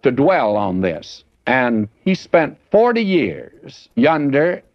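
A man's voice: medium pitch, sing-song, takes it slowly, no room sound. An older man teaching through a Bible passage in a folksy, conversational preaching style with dry asides. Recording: dry, dull lo-fi broadcast sound.

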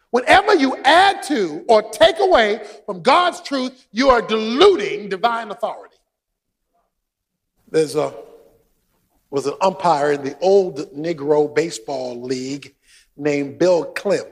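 A man preaching a sermon as pastor, shouting for emphasis and telling stories with asides. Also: high-pitched, slightly rough. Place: church sanctuary. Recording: long hall reverb.

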